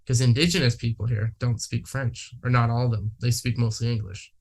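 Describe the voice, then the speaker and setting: A man's voice: mid-range voice, steady tone, brisk. Rambling, swearing Canadian man. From Manitoba, Canada. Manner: rambling, swears a lot, many fillers. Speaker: podcast guest. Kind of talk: casual chat.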